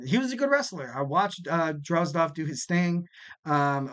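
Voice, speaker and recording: A man's voice: fairly high pitch, a bit bright. A man hosting a wrestling podcast in casual chat, rambling with lots of fillers and restarts, and now and then acting out what people said. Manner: acts out quoted people.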